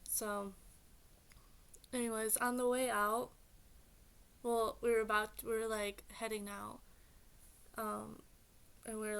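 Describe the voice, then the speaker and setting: Bright-voiced woman rambling through a story. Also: mid-range voice, gravelly. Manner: rambling, filler-heavy retelling with many "like"s; exasperated, animated venting. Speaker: vlogger. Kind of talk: casual storytime vlog.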